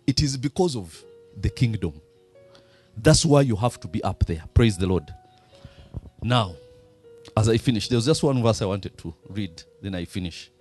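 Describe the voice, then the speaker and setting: A man's voice: mid-range voice, husky. A man with a Ugandan accent preaching a sermon, throwing fill-in questions to the congregation. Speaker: pastor.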